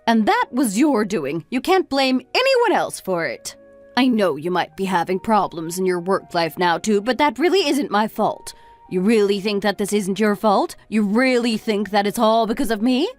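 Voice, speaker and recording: A woman's voice: medium pitch, close to an everyday voice. A woman voicing a weary middle-aged mother who lectures her grown son reproachfully. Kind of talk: story narration dialogue.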